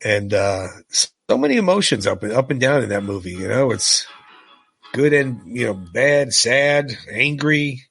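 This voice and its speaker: A middle-aged man co-hosting a podcast, chatting excitedly about a film and telling stories from memory. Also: medium pitch, unhurried, creaky, breathy edge, dry recording, faint music behind. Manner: excited, storytelling, animated recollection. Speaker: podcast co-host. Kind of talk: casual film commentary chat.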